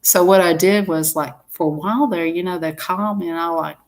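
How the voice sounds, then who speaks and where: Woman, lowish voice, rambling live-stream chat, laughs a lot. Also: fairly even intonation, fairly quick. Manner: rambling, chatty, laughs often.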